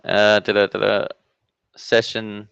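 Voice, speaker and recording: A man's voice: on the low side, little pitch movement, slow, gravelly, fairly bright tone, smooth, highs cut off. A man hosting a casual live-stream Q&A from his home office, chatty and upbeat with many fillers and restarts. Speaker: weather channel host answering viewer questions.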